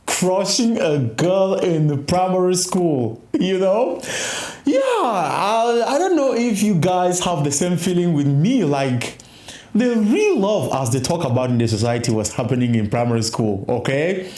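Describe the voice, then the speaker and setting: A man hosting his own channel, telling a childhood story in a casual, excited way and laughing often. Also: sits high, measured pace, echoey room. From grew up in a village, West Africa.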